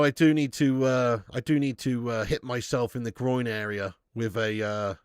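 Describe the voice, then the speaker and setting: A man's voice: medium pitch, steady tone, normal speed, clean tone, no echo, studio quality. A man hosting a live football watch-along from his garage, chatting casually and swearing while reading out viewer messages. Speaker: fan channel host. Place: home garage streaming setup. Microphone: streaming setup.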